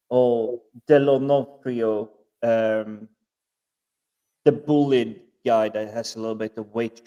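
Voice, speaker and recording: A man's voice: medium pitch, dark tone, poor audio. A man co-hosting a podcast, hesitant and searching for words in casual chat. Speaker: podcast co-host.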